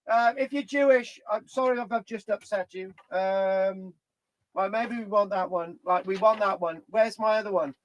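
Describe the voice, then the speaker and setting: A man's voice: sits high, fairly even intonation, normal speed, a bit bright, no room sound. A British man vlogging in a rambling, scattered way, swearing and tagging his lines with "right?". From Britain. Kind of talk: rambling casual vlog.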